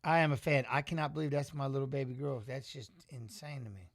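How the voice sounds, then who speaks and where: A man's voice: mid-range voice, steady tone, fast, vocal fry. A middle-aged man giving casual live fight commentary in a rambling, emotional, salty way. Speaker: watch-along commentator.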